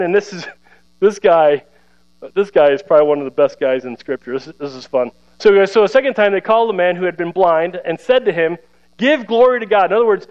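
A man with a fairly high voice preaches a sermon in a loose, chatty way, breaking into laughter and acting out the voices he quotes. The recording sounds dull and lo-fi, with a steady mains hum underneath. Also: moderate pace. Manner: conversational, animated, laughs often, acts out quoted voices. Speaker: pastor.

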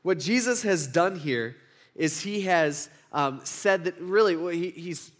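A man teaches a Bible passage casually and conversationally, packing his speech with fillers and quick "right?" check-ins. His voice is high-pitched, with lively intonation.

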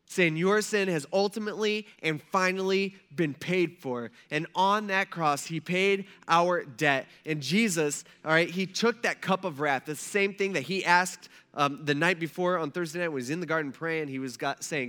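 A man preaching a sermon, moving between hushed storytelling and rising, emphatic passages. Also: fairly high pitch, moderate pace, few pauses, clear, resonant tone, big-room sound. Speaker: pastor.

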